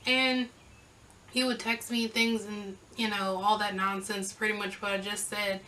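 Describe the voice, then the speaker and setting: A young woman vlogger telling a casual storytime, sassy and animated as she acts out the back-and-forth. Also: medium pitch, a little slow, distant mic, a little hiss or hum, rough recording.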